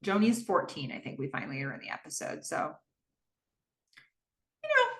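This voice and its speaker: Woman podcast host, casual recap, chatty with fillers, lowish voice, echoey room. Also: huge pitch swings, moderate pace, fairly bright tone. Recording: roomy echo.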